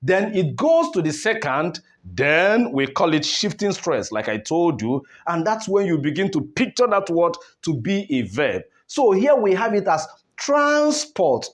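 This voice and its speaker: A man's voice: on the high side, big pitch swings, a little slow, hardly any pauses. A man teaching word stress, asking rhetorical questions and repeating words to contrast the stress. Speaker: English teacher. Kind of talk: classroom lesson on word stress.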